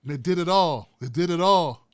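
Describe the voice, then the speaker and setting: A middle-aged man hosting his own online show, ranting with fiery, profane, preacher-like repetition and swinging from hushed asides to shouting. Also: on the high side, moderate pace. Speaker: YouTube show host. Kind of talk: impassioned vlog rant.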